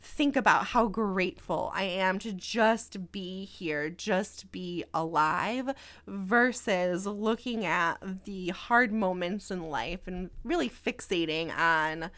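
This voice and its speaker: A woman's voice: lowish voice, slow, a bit bright. A young woman from the American Midwest hosting her own podcast, talking casually and reflectively with many "you know" and "right?" asides. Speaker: podcast host. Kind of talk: casual solo podcast talk.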